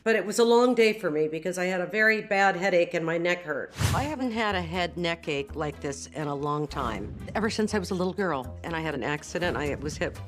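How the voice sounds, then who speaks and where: A woman's voice: fairly low pitch, expressive, brisk, hardly any pauses, soft background music. A woman on a reality show aftershow, telling stories in a rambling, giggly way. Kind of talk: casual chat.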